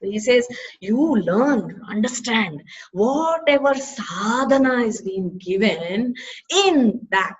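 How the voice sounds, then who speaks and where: A woman's voice: fairly high pitch, expressive, takes it slowly, muffled recording. A woman with an Indian English accent giving a conversational spiritual talk as a teacher, often tagging her sentences with questions. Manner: conversational, rhetorical tag questions. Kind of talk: Vedanta scripture talk.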